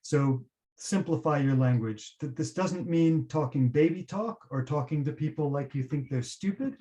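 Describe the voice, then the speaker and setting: A man giving a teacher-training webinar, explaining pronunciation and slowly modelling example words. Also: fairly high pitch, lively intonation, dark tone. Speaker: webinar presenter.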